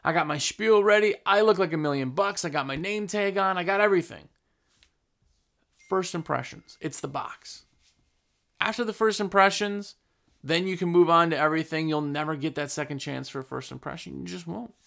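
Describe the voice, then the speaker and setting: A man who runs a trades business, giving blunt, emphatic business advice in a casual talk and slowing down to stress his points. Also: on the high side, vocal fry, a bit bright. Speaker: business owner.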